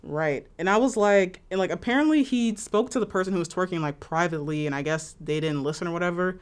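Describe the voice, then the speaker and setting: A young woman co-hosting a casual podcast chat, talking with animated indignation and plenty of swearing. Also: lowish voice, fast, smooth. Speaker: podcast co-host.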